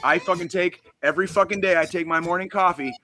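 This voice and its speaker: A man co-hosting a casual podcast, ranting with heated, profane energy and restarting his sentences often. His voice is bright and forceful and sits a little high for a man. Faint music plays underneath. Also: fairly even intonation, quick pace. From United States. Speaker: podcast co-host.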